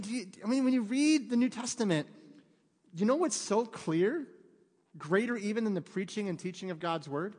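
The long reverb of a church hall surrounds this pastor, a man in his thirties whose high voice is a little mellow. He preaches conversationally in the sanctuary, trading jokes for moments of fervent emphasis.

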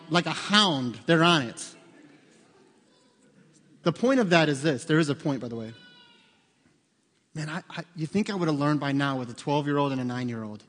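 A man in his forties, a pastor preaching a sermon in a church, telling stories conversationally and getting loud and excited to make a point. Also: fairly high pitch. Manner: conversational storytelling, rising loud and excited for emphasis. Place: church sanctuary. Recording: long hall reverb.

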